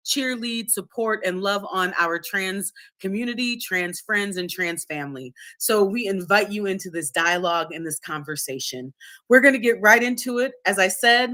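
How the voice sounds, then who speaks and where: A woman's voice: mid-range voice, sharp tone. A woman co-host with a Minnesota accent, chatting in a bubbly, playful way. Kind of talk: casual chat.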